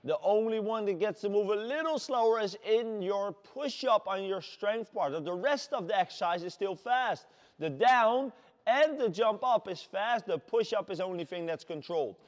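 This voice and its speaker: A man with a Dutch accent leading a workout class as fitness coach, shouting energetic encouragement. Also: sits high. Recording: long hall reverb.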